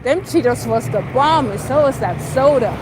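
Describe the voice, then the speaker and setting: A woman's voice: high voice, expressive, moderate pace, background noise. A young adult woman telling a story in a blunt, sassy way during a casual livestream chat. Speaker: vlogger. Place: outdoors.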